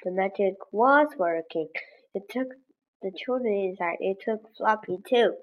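A woman's voice: medium pitch, a little slow, highs cut off. A woman reading a graded children's story aloud for English learners, with careful, evenly paced delivery. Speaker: English lesson reader.

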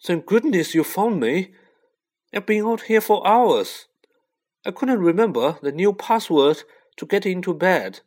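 A man's voice: high voice, lively intonation, a little slow, darkish tone, voice pushed up. A man voicing a timid, clumsy schoolboy who pleads anxiously. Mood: relieved.

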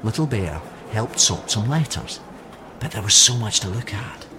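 A man reading a children's story aloud with expressive, animated storytelling. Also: lowish voice, normal speed, background noise.

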